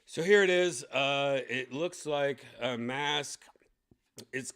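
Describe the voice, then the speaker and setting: A man's voice: mid-range voice, lively intonation, takes it slowly, long pauses, fairly bright tone. A young man giving blunt, profane unboxing commentary, ranting with lots of fillers. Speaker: tech vlogger unboxing a VR headset.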